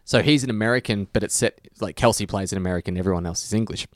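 A man co-hosting a podcast, chatting casually and animatedly, often laughing and rising in pitch when excited. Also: rapid-fire, dry recording, clean studio sound. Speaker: podcast co-host. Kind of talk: casual chat.

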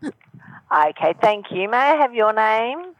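A woman's voice: on the high side, sing-song, takes it slowly, no echo, lo-fi sound. A woman working a car-buying intake line, politely asking for details and asking the caller to repeat himself. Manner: polite, patient, asks to repeat. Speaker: phone intake agent. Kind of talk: scripted customer service call.

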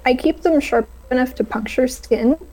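A woman's voice: sits high, normal speed, mellow, poor audio. A woman playing in a tabletop game, casual, playful and scheming. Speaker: player.

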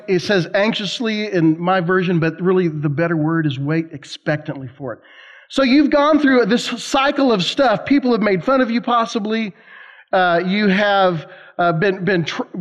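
A man preaching a sermon to college students, telling stories in an animated, emphatic way with conversational asides. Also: high voice. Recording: slightly dull lo-fi sound.

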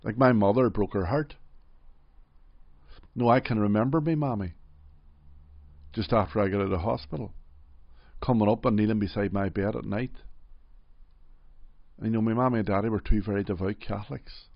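Deep gravelly Derry man, reflective. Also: moderate pace, long pauses, no room sound, muffled recording. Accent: Derry, Northern Irish. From Northern Ireland. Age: middle-aged. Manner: gentle, reflective, frequent "you know". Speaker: interview guest. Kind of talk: personal storytelling in an interview.

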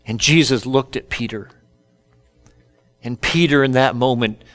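A man's voice: medium pitch, measured pace, fairly bright tone. A man preaching a sermon who tells scripture stories and acts them out in casual modern speech. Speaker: pastor.

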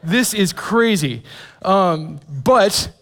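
Chatty pastor in a reverberant hall. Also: male voice, high voice, lively intonation, extremely slow, fairly bright tone. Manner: chatty, self-deprecating humor with many fillers and restarts. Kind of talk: sermon with personal storytelling.

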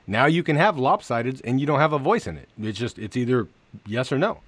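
A man's voice: medium pitch, expressive, a little fast, a bit bright, no echo. A man co-hosting a podcast, teasing and sarcastic in casual banter, with plenty of swearing. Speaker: podcast co-host.

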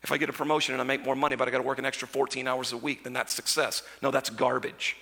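Guy preaching a sermon, gravelly husky voice, really bright tone, big church reverb. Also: mid-range voice, level tone, rapid-fire. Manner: conversational preaching, swinging from loud storytelling to hushed intimacy. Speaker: pastor. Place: church sanctuary. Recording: church sanctuary with long reverb.

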